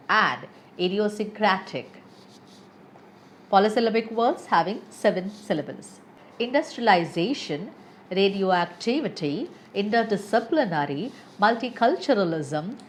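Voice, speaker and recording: Brief: woman English teacher, slow careful delivery, animated intonation, faint hiss behind. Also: on the low side. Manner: reads word lists aloud with exaggerated stress. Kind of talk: slow, deliberate pronunciation lesson.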